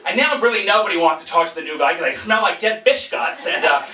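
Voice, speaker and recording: Bright, animated male storyteller. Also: high-pitched, fast, echoey room. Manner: animated, self-mocking, acts out voices and sounds. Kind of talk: live personal storytelling.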